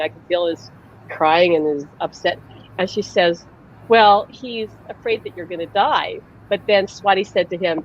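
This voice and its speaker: A woman's voice: mid-range voice, normal speed, highs cut off. A woman psychic medium hosting a casual live-stream conversation, telling stories animatedly and laughing often. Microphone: video call.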